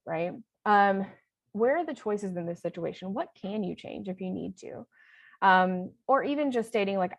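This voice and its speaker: A woman's voice: medium pitch, lively intonation, normal speed, no room sound. A woman giving a training lecture in a chatty, conversational way, often checking in with "right?". Her voice sits in the middle of the range, and the recording is dry and close.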